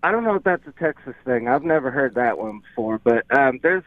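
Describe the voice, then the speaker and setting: A man from New York calling in to a radio show, talking in a relaxed, rambling way. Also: medium pitch, a little fast, dry recording. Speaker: caller. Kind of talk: casual phone-in chat. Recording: tinny phone line.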